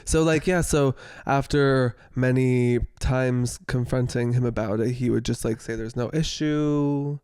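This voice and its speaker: A man's voice: mid-range voice, steady tone, a little slow, hardly any pauses, a little mellow, clean tone, no room sound, studio quality. A man co-hosting a podcast, chatty and giggly, trailing off in fillers as he talks. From the American South. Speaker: podcast co-host. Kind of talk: casual chat.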